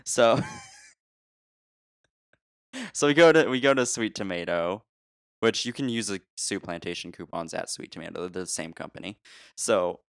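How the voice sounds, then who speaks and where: Man, casual storytelling, low smooth voice, dry close sound, laughs a lot. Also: normal speed, long pauses, no room sound. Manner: animated, laughs often, trailing restarts. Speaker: podcast co-host telling a story.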